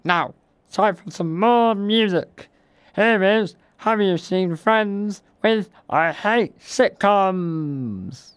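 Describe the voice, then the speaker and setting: A man's voice: high-pitched, drawn-out words, clean tone, no room sound. A man hosting a comic mock radio show, rambling and self-deprecating between links.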